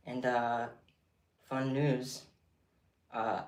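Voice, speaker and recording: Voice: mid-range voice, level tone, very slow. A livestream host talking casually, out of breath and chatty, with a scattered, giggly way of talking. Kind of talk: casual live stream chat. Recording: roomy echo, distant mic, faint noise.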